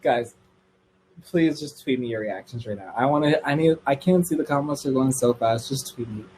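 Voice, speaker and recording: A young man telling a story on a livestream in a casual, gossipy way, swearing freely and squealing high when excited. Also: a little fast, slight background noise, rough recording.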